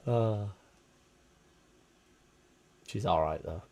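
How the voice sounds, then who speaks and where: A man's voice: fairly low pitch, wildly swooping pitch, very slow, darkish tone. A Yorkshire man hosting a casual football watchalong stream, chatting bluntly with viewers, swearing and bantering. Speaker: livestream host.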